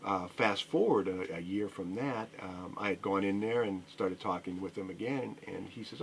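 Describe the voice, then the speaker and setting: Man, middle-aged, record store owner, radio guest, rambling, lots of uhs, lowish voice, faint hiss behind. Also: normal speed, creaky, hardly any pauses. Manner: rambling storyteller, frequent fillers and restarts.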